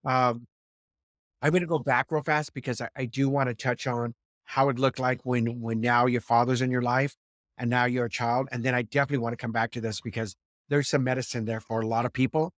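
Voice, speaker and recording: A man's voice: mid-range voice, flat delivery, fairly quick, fairly bright tone, dry recording, studio quality. A man hosting a podcast interview who talks in a reflective, casual way. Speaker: podcast host. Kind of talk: interview talk.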